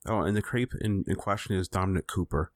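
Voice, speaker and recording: A man hosting a podcast in casual chat, laid-back and halting, with plenty of fillers. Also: low-pitched, no echo, studio quality. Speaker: podcast host.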